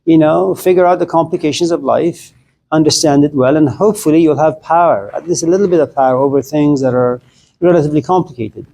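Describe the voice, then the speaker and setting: A middle-aged male lecturer gives a philosophy lecture full of anecdotes, conversational and animated, acting out the voices he quotes. His voice is fairly high and gravelly, he talks fast, and the audio is poor.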